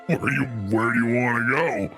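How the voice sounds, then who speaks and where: A man's voice: medium pitch, fairly quick, a bit bright, soft background music, pitched below the performer's own voice, lightly acted. A man voicing a huge, crude male brute who talks bluntly and mockingly in a tabletop game. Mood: gruff.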